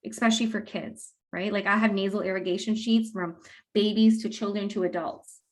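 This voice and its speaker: A woman talking as a guest expert in a casual interview, explaining in a lively way and acting out what parents say. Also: mid-range voice, brisk. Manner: animated, acts out quoted parents with laughs. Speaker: guest expert on mouth breathing.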